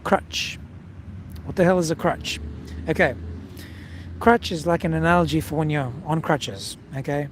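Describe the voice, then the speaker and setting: A male singing teacher talks the viewer through a casual lesson in a direct, coaching way, often checking in with a quick "okay?". His voice sits a little high for a man. A faint hum of noise runs underneath.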